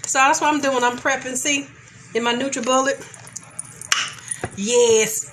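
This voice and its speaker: High, slow-talking congested woman vlogger. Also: a bit bright, slight background noise. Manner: laughs often, loose and candid with mild profanity. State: mildly congested. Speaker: vlog host greeting live viewers. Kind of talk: casual live chat while cooking.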